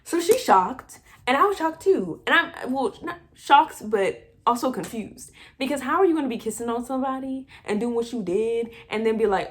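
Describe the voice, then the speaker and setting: A woman casually retelling a film plot with animated, exasperated asides. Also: a little high, moderate pace. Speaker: movie recap vlogger. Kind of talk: casual movie recap.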